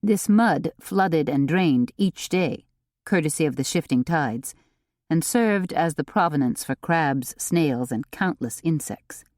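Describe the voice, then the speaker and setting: A woman narrating a cozy mystery audiobook in an expressive, unhurried reading. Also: sits low, no room sound, studio quality. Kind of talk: scripted narration.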